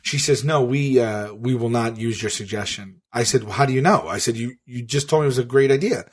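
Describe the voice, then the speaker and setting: Husky guy on a podcast, rambling through a funny phone story, does little voices for both sides. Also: medium pitch, a little fast. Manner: animated storyteller who acts out both sides of a phone call. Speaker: podcast co-host. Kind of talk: casual storytelling chat.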